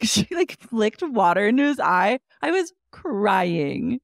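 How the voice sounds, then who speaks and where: A woman's voice: medium pitch, animated, unhurried, hardly any pauses, dry recording, studio quality. A woman co-hosting a podcast, animatedly retelling a reality show episode with quoted lines and swearing. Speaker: podcast co-host. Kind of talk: casual chat recapping a reality show.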